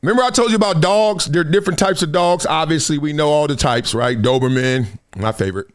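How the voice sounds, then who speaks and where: A man's voice: on the high side, quick pace. A man hosting a live sports talk show, telling stories in casual slang, laughing often and slipping into other people's voices. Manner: animated, storytelling, slips into voices of others.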